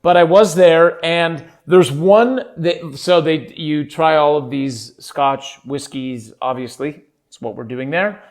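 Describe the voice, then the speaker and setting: A man's voice: on the high side, slow, few pauses. A man hosting a solo podcast, chatting casually in a goofy, rambling, self-amused way. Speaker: podcast host.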